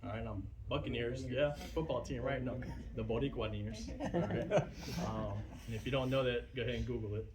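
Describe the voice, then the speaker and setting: A man who was a military recruiter giving a casual eulogy at a visitation, halting and full of fillers. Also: medium pitch, lively intonation, over a noisy crowd, low-quality recording. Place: funeral visitation room.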